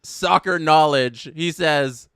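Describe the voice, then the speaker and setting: This young man speaks slowly in a voice on the high side, his tone clean and free of echo in a studio-quality recording. As host of a casual live watch-along, he calls the match and chats with his viewers, reading chat aloud and getting excited at big plays.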